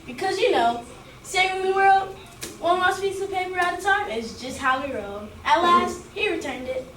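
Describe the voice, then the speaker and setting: Extra, theatrical Bobby, read by a woman in a very high voice. She tells her tale with storytelling flourish. The sound is roomy, off-mic, with a faint noise beneath. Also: lively intonation, normal speed, fairly bright tone, recorded from a distance. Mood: playful. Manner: reading lines with storytelling flourish. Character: Bobby, a theatrical over-the-top girl. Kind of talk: rehearsal line reading.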